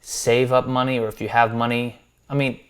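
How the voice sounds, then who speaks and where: A man's voice: mid-range voice, flat delivery, normal speed, smooth. An American man reviewing subscribers' music, talking loosely with restarts and friendly advice. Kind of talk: casual spoken critique.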